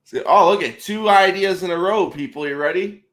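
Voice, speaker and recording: Joking man with a slightly high voice. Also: moderate pace, a bit bright. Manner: joking, laughs often. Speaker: podcast interviewer. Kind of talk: casual chat.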